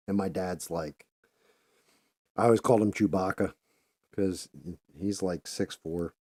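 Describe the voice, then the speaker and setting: A man's voice: sits low, fairly even intonation, unhurried, long pauses, a little mellow, dry recording, clean studio sound. A middle-aged man hosting a podcast, telling a rambling, profane story in a casual monologue. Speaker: podcast host.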